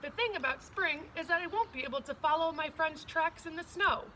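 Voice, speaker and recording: A woman's voice: extremely high pitch, brisk, bright, forceful tone, a little hiss or hum, pitched above the performer's own voice, poor audio. A woman voicing a small, cranky rabbit who grumbles and complains in a read-aloud storybook. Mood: grumbling. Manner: grumbling, sulky.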